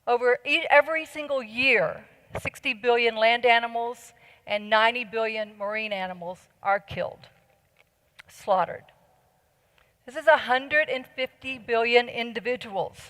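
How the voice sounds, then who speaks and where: A woman's voice: a little high, a little slow, a bit bright. Earnest woman speaking in a big hall. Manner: earnest, persuasive, asks the audience questions. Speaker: conference speaker. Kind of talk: conference talk. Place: large conference hall. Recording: long hall reverb.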